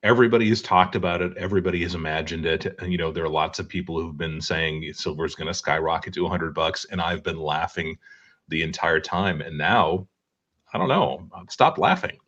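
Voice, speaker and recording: A man's voice: low voice, steady tone, brisk, a bit bright. A man with an easygoing, wry manner, co-hosting a casual livestream chat from home. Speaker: co-host. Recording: dull lo-fi call audio.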